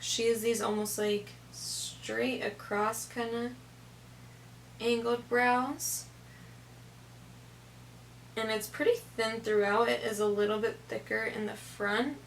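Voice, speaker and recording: Gravelly young woman chatting through makeup. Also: a little high, steady tone, slow pace, long pauses, slight background noise. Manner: chatty, step-by-step, fillers like "kinda, like". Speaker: makeup tutorial host. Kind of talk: casual makeup tutorial narration.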